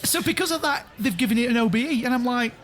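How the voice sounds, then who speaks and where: A man's voice: very high-pitched, lively intonation, quick pace, very noisy. A man telling a rambling story among old friends on a podcast, laughing and restarting as he goes.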